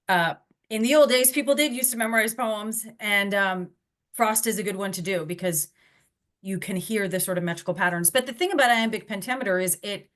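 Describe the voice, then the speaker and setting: A woman's voice: medium pitch, a bit bright. A woman giving an online lecture in a conversational way, with frequent fillers and restarts.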